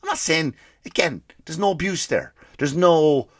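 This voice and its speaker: A male comedian and podcast host ranting in a profane, animated way, slipping into mock voices for the people he quotes. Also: a little high, moderate pace, no echo, clean studio sound. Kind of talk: comedic rant.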